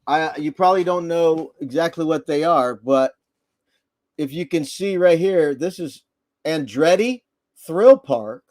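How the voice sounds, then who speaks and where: A middle-aged man co-hosts a casual livestream, his voice sitting a little high. He tells family stories with animation and slips into voices as he goes. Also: measured pace. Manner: animated storyteller who acts out voices. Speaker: livestream co-host.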